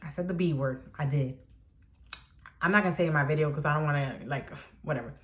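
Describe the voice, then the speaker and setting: A young woman vlogger telling a story casually, animated and blunt, with lots of slang. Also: deep voice, fast.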